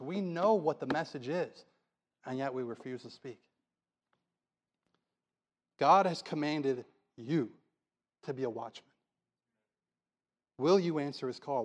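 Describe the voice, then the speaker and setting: A man's voice: on the high side, a little mellow. A man preaching a sermon in a church, pleading with the congregation through earnest rhetorical questions.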